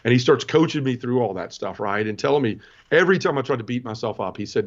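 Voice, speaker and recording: A man in his forties tells his conversion story as a podcast guest, earnest and emotional, often breaking off and restarting. He talks quickly at a middling pitch. The recording sounds dull and lo-fi. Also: expressive. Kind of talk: personal testimony storytelling.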